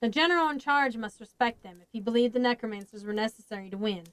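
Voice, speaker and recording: A woman's voice: on the high side, fast talker, a bit bright, no room sound, lightly acted, low-quality recording. A woman voicing a weary, blunt grown man in a storybook reading, talking plainly.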